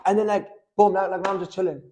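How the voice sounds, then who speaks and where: A man's voice: high-pitched, fairly even intonation, darkish tone, a little hiss or hum. A young man co-hosting a podcast, telling stories in casual slang and saying "bro" and "like" a lot. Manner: fast slangy storytelling, lots of "bro" and "like". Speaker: podcast co-host. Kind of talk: casual chat.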